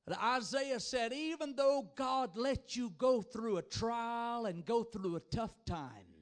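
High-voiced fervent man preaching. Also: slow. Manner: swings between shouted exhortation and soft low-voiced passages; fervent, repetitive calls to the congregation. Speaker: evangelist preacher. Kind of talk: revival sermon. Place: church youth rally before a congregation.

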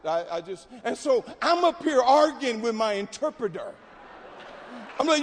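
A man preaching a sermon at a camp meeting, telling stories and building to shouted exhortation. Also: very high-pitched, lively intonation, moderate pace. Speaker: pastor. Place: large hall at a camp meeting. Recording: long hall reverb.

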